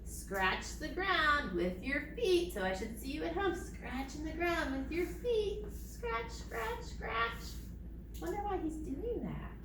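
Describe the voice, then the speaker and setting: A woman's voice: high voice, animated, unhurried, few pauses, background noise. Sing-song woman leading preschool storytime. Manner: sing-song, leads children in bird sounds and movements. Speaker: children's librarian. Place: library. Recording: echoey room, distant mic, faint ambience.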